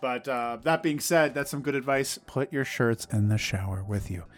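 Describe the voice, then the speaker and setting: A man's voice: medium pitch, normal speed. A man co-hosting a casual podcast, giving rambling, laid-back advice with plenty of fillers. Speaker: podcast co-host. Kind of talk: casual chat.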